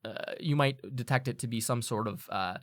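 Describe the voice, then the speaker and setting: Bright-voiced man running a tabletop game. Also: mid-range voice, moderate pace, no echo, clean studio sound. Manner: casual, many fillers and restarts. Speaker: game master.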